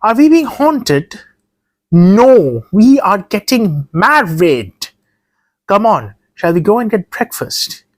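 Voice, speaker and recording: A man's voice: sits high, very animated, takes it slowly, no room sound, voice pushed up, heavily acted. A man reading a ghost story, voicing a young woman about to be married, pleading and then teasing. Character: young anxious bride-to-be woman.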